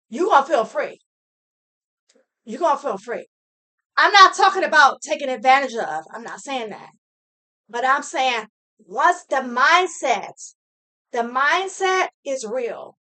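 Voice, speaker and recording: A woman's voice: sits high, bright, forceful tone. A woman giving a heartfelt motivational talk to camera, earnest and preachy, repeating phrases for emphasis. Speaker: motivational speaker.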